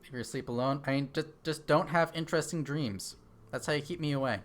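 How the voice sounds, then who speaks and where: A man's voice: fairly high pitch, quick pace. A man streaming a game, chatting casually, thinking aloud and answering his chat into a desk microphone. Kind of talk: casual live-stream chat while gaming.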